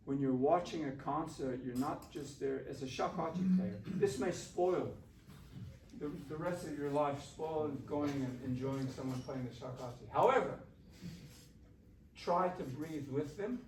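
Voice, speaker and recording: A man leading a shakuhachi workshop, coaching students on their breathing in a relaxed, encouraging way. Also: a little high. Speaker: shakuhachi teacher. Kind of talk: workshop instruction. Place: classroom. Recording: roomy, distant mic, faint room noise.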